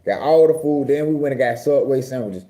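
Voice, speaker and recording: A young man from Georgia, telling a story in a casual, profane, animated way. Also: mid-range voice, fairly quick. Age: young adult. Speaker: vlogger.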